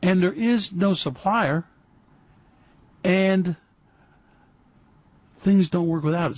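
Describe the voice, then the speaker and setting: A man's voice: high voice, slow pace, long pauses, dry recording. A man hosting a radio commentary monologue, rambling and sarcastic. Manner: rambling, sarcastic, fillers and restarts. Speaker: host. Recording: dull lo-fi dry recording.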